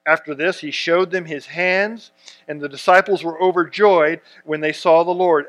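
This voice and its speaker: A man's voice: fairly high pitch, fairly even intonation, normal speed, a bit bright. A man preaching a sermon, reading scripture and stressing key words earnestly, with frequent restarts. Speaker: pastor.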